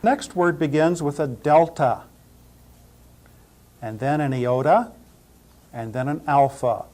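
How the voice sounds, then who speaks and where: A man's voice: fairly high pitch, slow pace, darkish tone. A man teaching New Testament Greek pronunciation. He spells out letters and repeats each word several times. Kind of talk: slow spoken pronunciation lesson.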